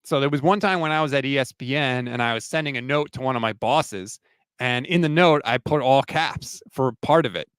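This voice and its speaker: A man co-hosting a casual sports talk livestream, animated and quick to laugh. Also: medium pitch, clear, resonant tone, no room sound, clean studio sound. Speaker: sports podcast co-host.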